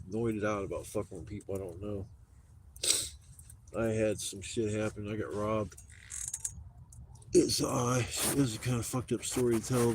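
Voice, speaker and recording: A man's voice: on the low side, background noise. Rambling, foul-mouthed man telling a story. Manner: rambling, heavy swearing. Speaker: live streamer. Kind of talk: casual storytelling.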